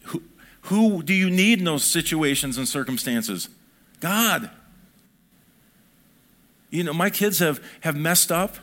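A man's voice: on the high side, lively intonation, takes it slowly, pauses often, a bit bright. A middle-aged man preaching a sermon in a conversational way, building up to emphatic peaks. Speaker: pastor.

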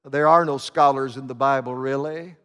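A man's voice: mid-range voice, fairly even intonation, normal speed, a bit bright, clear, resonant tone. Preacher guy telling a story with lots of uh's, echoey church sound. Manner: dramatic storytelling with many fillers and restarts. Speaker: pastor. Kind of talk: sermon. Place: church sanctuary. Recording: long reverb of a church sanctuary.

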